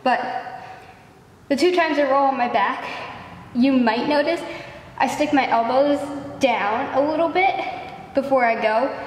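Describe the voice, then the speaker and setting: A woman's voice: high-pitched, a little slow, long pauses. A young woman vlogging outdoors in the woods, out of breath and chatting in a rambling way about her dance shoot. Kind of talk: casual vlog chat.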